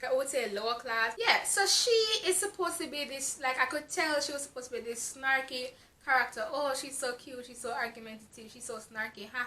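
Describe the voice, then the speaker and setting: With a high, sharp voice and a Jamaican accent, a woman from Jamaica offers a frank, fed-up, informal book review full of fillers. The recording has an echoey room sound.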